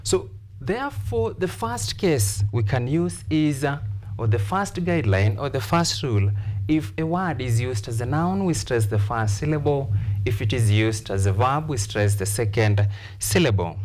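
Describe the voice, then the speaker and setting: A man's voice: mid-range voice, animated, measured pace, darkish tone. A man with a Kenyan accent teaching an English lesson, repeating key phrases and stressing words emphatically. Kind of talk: classroom lesson.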